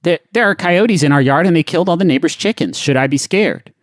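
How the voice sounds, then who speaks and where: Lively, higher-voiced man co-hosting comedy. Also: quick pace, no room sound, clean studio sound. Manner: animated, riffing, sudden swoops in pitch. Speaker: podcast co-host reading questions. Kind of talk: casual comedic banter.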